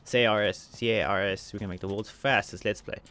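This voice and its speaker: Fast-talking man doing game commentary. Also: lowish voice, steady tone, fairly bright tone, a little hiss or hum. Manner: narrates each move, spells out letters, repeats phrases. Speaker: let's play gamer.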